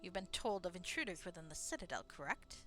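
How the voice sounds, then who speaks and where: A woman's voice: on the low side, sing-song, fast, fairly bright tone, soft background music. A woman voicing a pompous, imperious male sorcerer ruler in a put-on southern drawl, grand and commanding.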